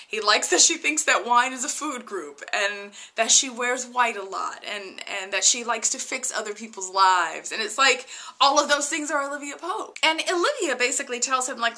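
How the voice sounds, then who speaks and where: A woman's voice: a little high, normal speed, bright, forceful tone. A woman chatting casually to her viewers while reviewing a TV episode, often laughing and saying "you guys". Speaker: TV review vlogger.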